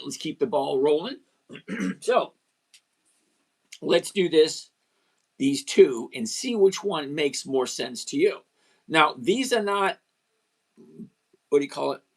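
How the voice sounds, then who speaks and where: A man with a hoarse, husky voice runs a casual trading livestream at his desk. He rides a lively, swinging pitch, greets viewers and walks through his points one at a time. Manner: chatty, greets viewers, explains step by step. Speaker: livestream host.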